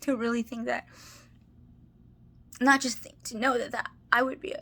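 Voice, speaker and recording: A woman's voice: a little high, fairly even intonation, normal speed, vocal fry, long pauses, sharp tone. A married woman talking to camera in a rambling, confessional monologue, full of restarts and filler words and often close to tears. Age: adult, married. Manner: rambling, restarts, many "like"s, tearful laughs. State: emotional, near tears. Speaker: personal vlogger.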